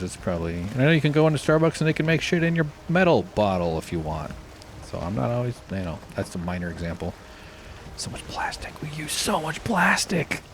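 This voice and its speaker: A man with a fairly low voice gives loose, casual commentary while he plays a game. He drifts from thought to thought, swears easily and makes jokes at his own expense. A faint hum of noise sits behind him. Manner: rambling, swears freely, self-deprecating jokes. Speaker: game streamer.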